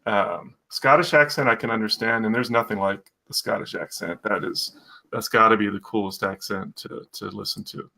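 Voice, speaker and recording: A man's voice: lowish voice, moderate pace, creaky, pushed and bright. An American man co-hosting a live stream, chatting casually in a rambling way and reading out viewer comments. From United States.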